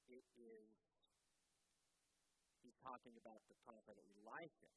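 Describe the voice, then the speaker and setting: A man preaching, retelling a Bible story in an animated, conversational way and asking his audience questions. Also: mid-range voice, a little hiss or hum, rough recording. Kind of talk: storytelling sermon.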